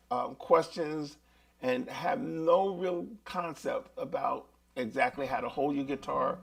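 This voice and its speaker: A man teaching a live beginner guitar lesson, chatty and relaxed, talking straight to his viewers. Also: on the high side, vocal fry.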